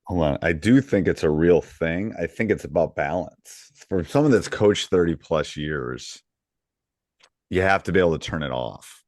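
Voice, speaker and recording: A middle-aged man hosting a coaching podcast, talking in a relaxed, rambling way with lots of ums and restarts. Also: low voice, moderate pace, no echo, studio quality. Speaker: podcast host and basketball coach. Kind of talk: casual podcast chat with ad reads.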